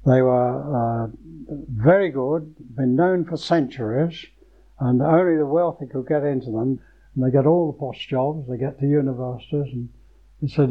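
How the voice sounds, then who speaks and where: Older man, halting reminiscence, lo-fi. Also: mid-range voice. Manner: halting, with many restarts and fillers. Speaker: former pupil. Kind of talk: oral history reminiscence. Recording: dull lo-fi recording.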